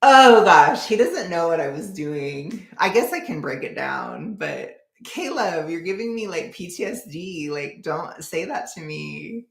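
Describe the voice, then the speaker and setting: Low creaky-voiced woman streamer. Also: big pitch swings, measured pace, hardly any pauses. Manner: blunt and sarcastic, laughs often. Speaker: streamer reacting to another stream. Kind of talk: casual livestream chat, reading viewer comments. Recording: echoey room.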